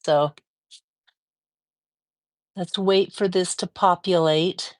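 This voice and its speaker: Slow, chatty woman greeting live viewers. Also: fairly low pitch, steady tone. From American Mountain West. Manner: chatty, greets viewers by name, sings out bits. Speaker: quilting livestream host. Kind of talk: casual live-stream chat greeting viewers. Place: home quilting studio.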